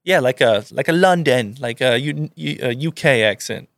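Male co-host, gravelly, easygoing and teasing, dry close sound. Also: medium pitch, lively intonation, moderate pace, a bit bright, no room sound. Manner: laid-back, teasing. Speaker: podcast co-host. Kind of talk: casual chat.

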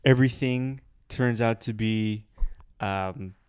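A man's voice: mid-range voice, slow, darkish tone, smooth. A man in a casual chat, playfully telling a made-up story, laughing, with frequent restarts.

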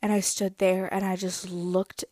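Animated young woman telling a story. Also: medium pitch, a little slow, no room sound. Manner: animated, dramatic, self-mocking storytelling. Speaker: vlogger. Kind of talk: casual storytelling to viewers.

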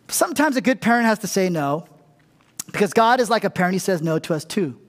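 High-voiced male pastor, chatty sermon. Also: lively intonation, quick pace, in a large hall. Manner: casual and humorous, often asks the crowd "right?". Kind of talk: conversational sermon.

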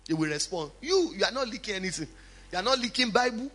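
A man's voice: sits high, expressive, quick pace, fairly bright tone. A male pastor preaching a sermon, with emphatic swings and chatty asides to the congregation.

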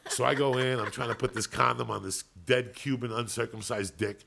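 A man's voice: medium pitch, steady tone, fairly quick, creaky, pushed and bright. A man co-hosting a podcast, telling a long story in a casual, profane, rambling way. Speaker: podcast co-host.

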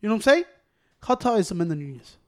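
Male co-host, high voice, cussing casually, animated, says bro. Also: quick pace. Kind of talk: casual chat.

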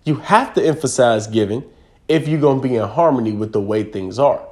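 A man with a dark, mellow voice delivers a spiritual talk. He repeats his key words for emphasis and keeps checking in with the listener. His delivery is earnest and insistent. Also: medium pitch, a little fast.

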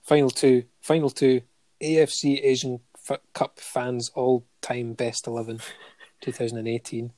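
Mellow-voiced man reading a stats list. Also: medium pitch, little pitch movement, unhurried, no echo. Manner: listing facts steadily with many ums and chuckles. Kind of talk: casual chat, reading out a football player's honours.

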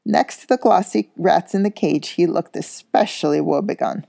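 A woman reads a children's novel aloud at a steady pace. Her voice is very low, dark and gravelly. She sometimes trips on a word and corrects herself, and the sound is dry and close. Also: moderate pace, no echo. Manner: steady reading with small slips and corrections. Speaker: school coach reading aloud.

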